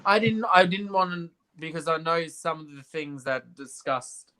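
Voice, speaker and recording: A man's voice: on the high side, moderate pace, background noise. A man hosting a casual livestream chat, earnest and talking through his thoughts with small laughs. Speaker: livestream host.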